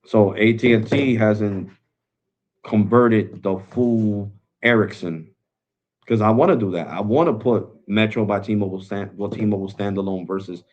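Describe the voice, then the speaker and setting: Casual male tech streamer, low voice, slangy and relaxed, muffled lo-fi audio. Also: normal speed. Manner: laid-back, slangy, calls viewers bro. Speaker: tech live stream host. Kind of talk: casual live stream talk. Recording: dull lo-fi sound.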